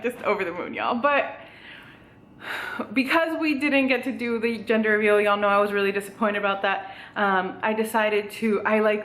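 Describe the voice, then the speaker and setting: A woman's voice: medium pitch, fairly bright tone. A young woman, out of breath, chatting in a bubbly, rambling vlog with lots of "like" and "um", filmed on a tripod camera at home. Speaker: vlogger. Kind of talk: casual vlog chat. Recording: echoey room.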